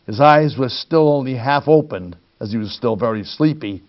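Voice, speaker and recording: A man's voice: medium pitch, normal speed, muffled recording. A man reading a children's storybook aloud expressively, addressing young listeners. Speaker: storytime reader.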